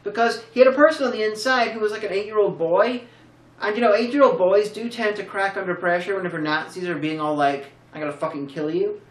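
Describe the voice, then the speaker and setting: A woman's voice: mid-range voice, quick pace. A woman co-hosting a casual film review, tired and rambling through sarcastic, jokey riffs with plenty of restarts. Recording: roomy, distant mic.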